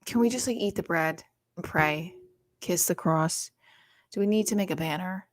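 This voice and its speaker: A woman in her thirties doing casual, profane stand-up on a livestream, rambling with many fillers and often talking quietly. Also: fairly low pitch, moderate pace. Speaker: stand-up comedian.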